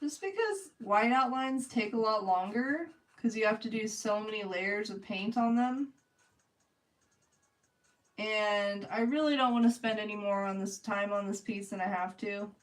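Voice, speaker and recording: This art streamer, a young woman from California with a Californian accent, keeps up casual chatter with her live audience as she paints, laughing a lot and addressing chat. She speaks in a mid-range voice at a slightly slow pace, captured from a distance with poor audio quality.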